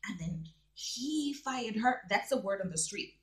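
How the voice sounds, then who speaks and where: A woman chatting casually in gossip commentary, acting out the quoted people with big jumps in pitch. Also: animated, a little slow. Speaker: vlogger.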